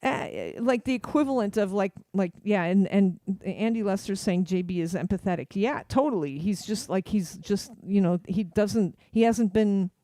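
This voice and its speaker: A radio host chats casually in a dry, close studio sound, rambling through fillers and restarts. The voice sits at a middling pitch, and the host drops into quick put-on voices to act out what people say. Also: dark tone, no echo. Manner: acts out quoted voices. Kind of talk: casual chat.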